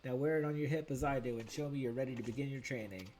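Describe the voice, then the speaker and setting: A man's voice: mid-range voice, racing, a little mellow, slight background noise, lightly acted, low-quality recording. A man voicing a stern female sword guildmaster in a video game, speaking formally.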